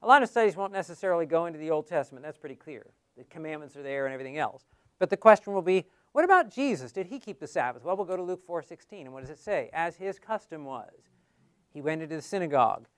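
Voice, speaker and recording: Man teaching a Bible class, conversational, quizzes the class, high clear voice. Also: sing-song, racing, dry recording, studio quality. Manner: conversational, asks the class questions.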